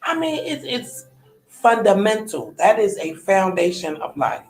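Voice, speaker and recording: A woman's voice: medium pitch, sing-song, measured pace, echoey room, low-quality recording. A woman in her thirties, a podcast host, talking candidly in a personal monologue, colloquial, often trailing off and restarting. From United States.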